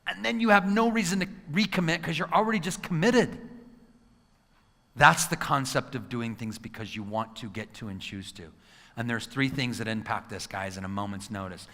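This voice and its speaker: A man in his forties delivers a motivational talk to a live crowd, acting out quotes and throwing questions at the room. His voice is bright and forceful. It rings out with a long hall reverb behind it. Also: mid-range voice, moderate pace. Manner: animated storyteller who acts out quotes, asks the crowd questions. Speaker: motivational speaker.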